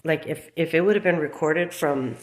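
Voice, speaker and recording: Woman, 30s, low voice, agitated rambling vlog rant, echoey room. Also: moderate pace. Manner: agitated, rambling storytelling full of fillers. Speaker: mother speaking out about her children. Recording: roomy echo.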